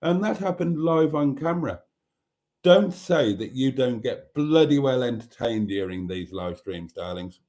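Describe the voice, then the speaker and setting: A man's voice: mid-range voice, expressive, measured pace, a little mellow. A British man hosting a casual live stream, camp and teasing, with a stuffy nose. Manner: camp, theatrical, teasing, calls viewers darlings.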